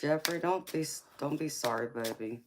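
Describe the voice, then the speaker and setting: This deep-voiced Southern woman runs a live tarot stream, talking easily with her audience in a slow drawl and addressing them as baby. The recording is very noisy.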